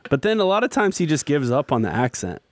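A man's voice: a little high, big pitch swings, fast, dry recording. A man hosting a casual talk show, enthusiastic and jokey as he leads the segments. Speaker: host. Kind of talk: casual chat.

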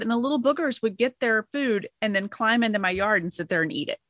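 A woman co-hosting a podcast in casual chat, relaxed, jumping high when she quotes herself. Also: fairly quick, few pauses, no echo, studio quality. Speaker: podcast co-host.

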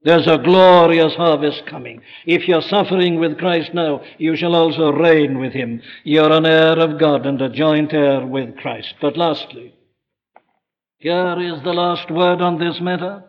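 A fervent male preacher with a fairly high voice, rising to loud appeals and dropping to near whispers on old-fashioned scripture. His sermon rings through a large hall with long reverb. The recording is dull and lo-fi, like an old tape. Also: unhurried. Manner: dramatic swings from loud exhortation to hushed quotes.

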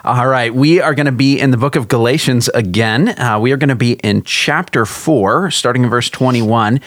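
A man's voice: medium pitch, normal speed, fairly bright tone, no room sound. A man co-hosting a Bible podcast, moving between casual chat with frequent laughs and explaining Bible context. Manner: laughs often, playful teasing. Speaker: podcast co-host.

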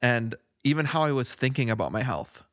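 Chatty podcast co-host with dry sound. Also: male voice, mid-range voice, very animated, fairly quick, a bit bright, dry recording. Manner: chatty, laughs easily. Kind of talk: casual podcast chat. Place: home studio, Flagstaff.

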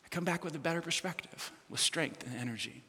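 Male pastor, high bright voice, chatty and playful sermon, big hall reverb. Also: fast, creaky, breathy edge. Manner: conversational, playful preaching with asides and self-correction. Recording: long reverb of a large hall.

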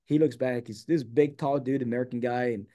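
Speaking a little quickly with a mid-range voice, a man from San Diego recounts a long personal story as an interview-show guest. His delivery is casual and lively, and he acts out the dialogue he quotes.

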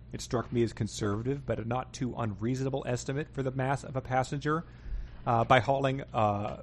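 Reading listener emails and submissions aloud, a podcast host keeps things casual, wry, and amused, dropping in plenty of fillers. His voice is mid-range, with a little hiss or hum.

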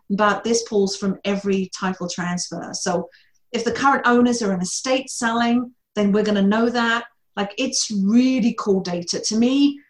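A middle-aged woman with a distinct accent, a mortgage broker being interviewed, talking bluntly and laughing at her own jokes. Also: mid-range voice. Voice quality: distinct accent noted by hosts. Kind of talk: casual podcast interview. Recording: roomy echo.

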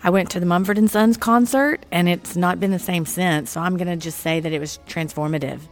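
Hoarse Texan woman podcast host. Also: on the low side, fairly even intonation, fairly quick, faint music behind. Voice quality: froggy, croaky. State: hoarse from a cold. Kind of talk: casual chat.

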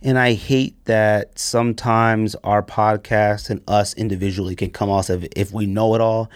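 A man hosting a casual sneaker podcast, ranting with sarcasm and sudden high-pitched bursts of emphasis. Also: little pitch movement, normal speed, clean tone, no room sound, clean studio sound. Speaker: podcast host.

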